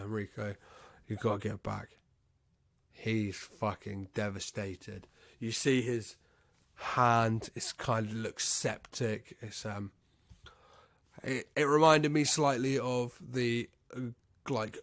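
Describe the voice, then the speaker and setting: Slow, gravelly man recapping a film. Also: fairly low pitch, fairly bright tone, no echo. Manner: halting, swears, acts out characters' lines. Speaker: podcast host. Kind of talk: casual film plot recap.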